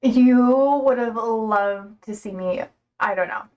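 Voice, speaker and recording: A young woman with a high voice chats loosely on a livestream, full of fillers and quick laughs. She rambles from one thought to the next. Her voice sits slightly back from the mic. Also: distant mic, muffled recording. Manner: chatty, laughs often, rambling with many fillers. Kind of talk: casual livestream chat.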